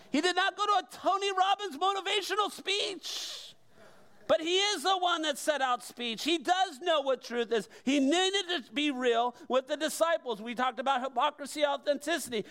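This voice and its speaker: Pastor, male, high voice, conversational yet emphatic preaching style. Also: sharp tone. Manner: conversational and emphatic, with rhetorical questions. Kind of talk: sermon.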